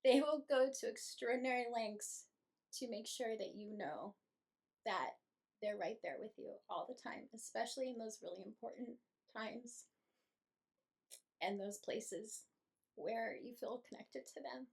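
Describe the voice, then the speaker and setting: A young adult woman, a medium, telling an emotional personal story to her viewers in a slow, heartfelt way. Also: a little high, a little mellow. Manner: slow, emotional, breathy with feeling, laughs between phrases. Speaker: medium and channel host.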